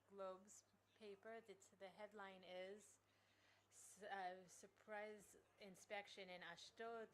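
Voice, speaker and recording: A woman giving simultaneous interpretation of a conference speech, halting with frequent pauses and restarts. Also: mid-range voice, a little hiss or hum, low-quality recording.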